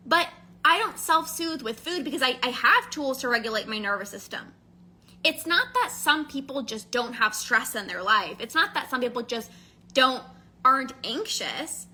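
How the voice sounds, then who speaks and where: A woman podcast host and binge eating coach talking in a casual, animated monologue, quickly acting out little quotes. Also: high voice, slightly rough. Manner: fast, animated, acts out quotes.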